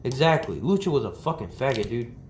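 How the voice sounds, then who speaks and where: A man's voice: medium pitch, very animated, fairly quick, a little mellow, a little hiss or hum. Profane ranting man on a livestream. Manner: agitated, profane, rambling. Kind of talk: ranting IRL stream talk. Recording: roomy, from the mic, faint ambience.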